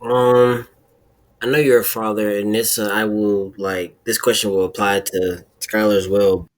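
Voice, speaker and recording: Low, flat-voiced young man, hesitant. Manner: hesitant, halting with fillers. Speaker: host's son asking a question.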